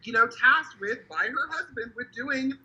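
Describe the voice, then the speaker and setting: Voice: medium pitch, moderate pace, sharp tone, highs cut off. A speaker in a casual political chat, blunt, sarcastic and swearing freely. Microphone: video call.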